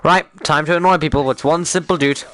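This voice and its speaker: A man's voice: fairly high pitch, steady tone, a bit bright, a little hiss or hum. A young Irish man with an Irish accent, chatting casually and self-mockingly on a live stream. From Ireland. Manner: jokey, self-mocking, quick to laugh.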